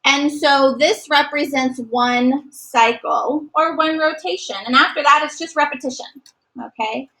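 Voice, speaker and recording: A woman's voice: high voice, fairly even intonation, unhurried, fairly bright tone, poor audio. A woman teaching a math lesson to a class, encouraging and sometimes singing short note patterns. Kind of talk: classroom lecture.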